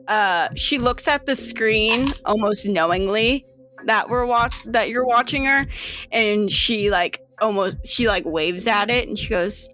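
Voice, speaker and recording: A woman's voice: medium pitch, pushed and bright. A woman running a tabletop game, narrating the scene with lots of fillers and laughs. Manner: laughing, filler-heavy storytelling. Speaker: game master.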